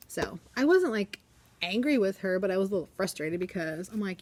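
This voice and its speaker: A middle-aged woman, an elementary school teacher, chatting casually and rambling through a classroom vlog, getting animated when she quotes her students. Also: mid-range voice, a little fast.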